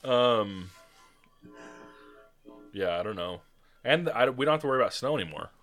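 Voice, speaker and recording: A man's voice: medium pitch, lively intonation, normal speed, a bit bright, dry recording, soft background music. A young man co-hosting a casual podcast, retelling a story with slangy asides and lots of laughter. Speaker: podcast co-host.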